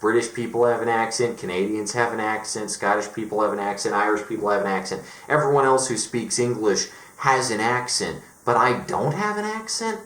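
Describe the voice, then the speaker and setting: A man's voice: medium pitch, fairly bright tone, roomy sound. A man from Colorado delivering an emphatic, profane, exasperated monologue as a vlogger. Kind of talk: ranting monologue.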